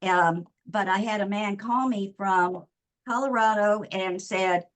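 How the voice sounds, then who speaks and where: A woman's voice: medium pitch, unhurried. A woman, slightly out of breath, introducing her web design business in a chatty, rambling way on a video call. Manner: chatty and rambling, with many fillers.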